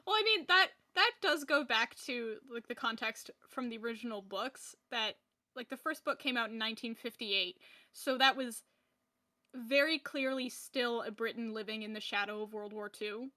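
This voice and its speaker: A woman co-hosting a podcast in casual chat, wry and quick, laughing often and using "like" a lot. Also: on the high side, sharp tone. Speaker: podcast co-host.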